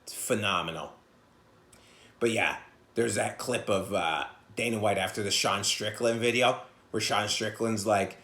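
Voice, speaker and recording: A man who is a comedian hosting his own podcast, ranting bluntly and profanely, jumping from loud outbursts to low mutters. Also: sing-song, measured pace. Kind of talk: casual monologue rant. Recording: echoey room sound.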